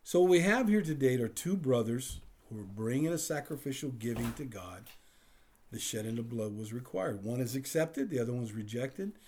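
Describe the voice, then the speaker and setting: A male pastor delivers a chatty, storytelling sermon, slipping into acted-out exchanges and chuckling as he goes. His voice is a little husky. His pitch moves a lot, swinging up and down through every phrase. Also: normal speed. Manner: animated storytelling with acted-out dialogue and laughter. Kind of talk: conversational sermon.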